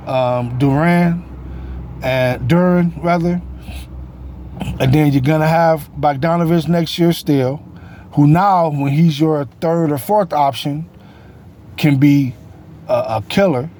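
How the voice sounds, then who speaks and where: Rambling man with a mellow voice. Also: a little high, a little hiss or hum. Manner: rambling, self-correcting, with many fillers. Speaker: sports talk host. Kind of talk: casual solo sports talk.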